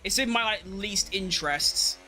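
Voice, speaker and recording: A man giving excitable, self-mocking live commentary while playing a racing game, talking to himself as he drives. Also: sits high, moderate pace, soft background music. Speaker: gaming streamer.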